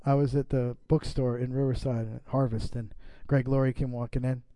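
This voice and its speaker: A man's voice: medium pitch, level tone, moderate pace, mellow, dry recording. A middle-aged man preaching a sermon as pastor, reading scripture and breaking off into casual asides to the congregation.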